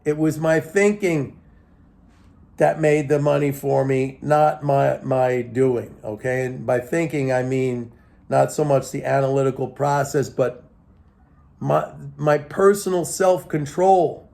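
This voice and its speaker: A man's voice: medium pitch, takes it slowly, gravelly, darkish tone. A man, a market commentator, talking through his thoughts in a rambling casual monologue, repeating himself and filling with "like" and "okay?".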